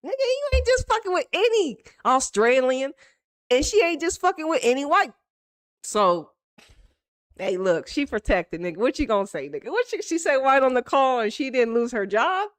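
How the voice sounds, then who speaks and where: A woman giving casual, profane football reaction commentary in rapid, animated banter. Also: high-pitched, no room sound.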